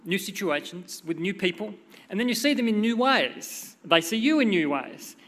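Middle-aged man, preacher, conversational sermon style, bright tone, long hall reverb. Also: high-pitched. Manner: conversational, expressive, reads scripture dramatically. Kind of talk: sermon with prayer and storytelling.

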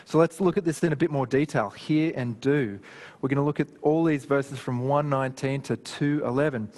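A man preaching a sermon in a conversational, animated way, with personal stories. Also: mid-range voice, normal speed. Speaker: pastor. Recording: long hall reverb.

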